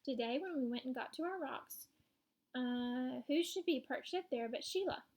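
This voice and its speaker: A woman narrating a children's storybook in the first person, lively and wry. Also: high-pitched, normal speed.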